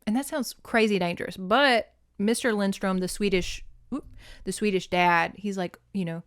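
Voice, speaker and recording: A woman's voice: medium pitch, normal speed, clean tone, no room sound, clean studio sound. Chatty woman recapping a book. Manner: chatty, swears, laughs often, animated retelling. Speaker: host reviewing books.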